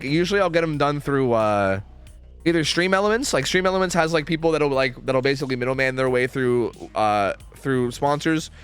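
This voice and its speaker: Young male streamer, high lively voice, sarcastic and swearing, music faintly behind. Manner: profane, rambling, sarcastic. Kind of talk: casual chat with viewers.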